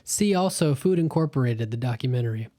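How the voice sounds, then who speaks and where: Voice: medium pitch, expressive, brisk, dark tone. A podcast guest in a casual conversation, adding remarks and questions. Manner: chimes in with asides and questions. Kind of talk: casual interview chat.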